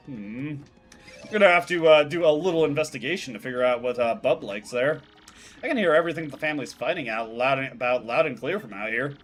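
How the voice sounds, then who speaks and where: A man streaming a video game, chatty and quick to laugh as he comments on the game. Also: medium pitch, a bit bright. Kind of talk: game commentary while reading dialogue aloud.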